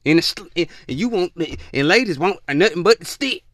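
A man's voice: brisk, a little hiss or hum. A man giving relationship advice in a blunt, profane, preachy rant. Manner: blunt, profane, preachy, lively swings in pitch. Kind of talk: ranting monologue.

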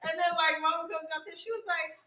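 A woman's voice: fast talker, reverberant, over a noisy crowd. A woman chatting casually, telling stories with lots of laughter and acting out the quotes. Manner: animated storyteller, laughs often, acts out quotes in a high voice. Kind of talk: casual chat.

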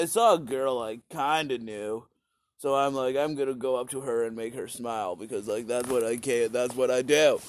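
A young man telling a crude, sarcastic comic story in rambling bursts, sometimes shouting. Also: mid-range voice, dry recording, studio quality. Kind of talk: rambling comedic storytelling rant.

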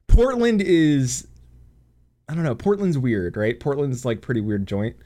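A man's voice: mid-range voice, expressive, slow, dark tone. A man from the United States hosting a casual podcast chat, joking and laughing often, with plenty of restarts. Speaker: podcast host.

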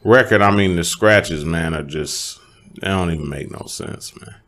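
Low-voiced man in relaxed chat. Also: moderate pace. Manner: relaxed, chimes in with short agreements. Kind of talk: casual chat.

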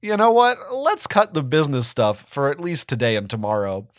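A man's voice: mid-range voice, wildly swooping pitch, normal speed, no echo, clean studio sound. A man voicing a serious, easily flustered teenage boy who leads his friends, in a dramatic fan-fiction reading. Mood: defensive. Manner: defensive, earnest.

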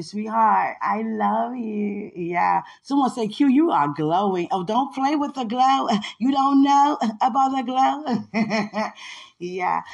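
Chatty laughing woman host. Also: mid-range voice. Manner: chatty and upbeat, laughs often, breaks into song; testifying with religious thankfulness. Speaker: podcast host. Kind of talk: casual solo chat.

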